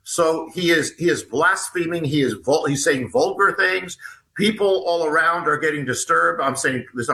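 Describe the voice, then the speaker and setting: A man who is an author and a guest in a conversation, telling a story in an earnest, halting way and retelling what was said. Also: on the high side, creaky, sharp tone, poor audio.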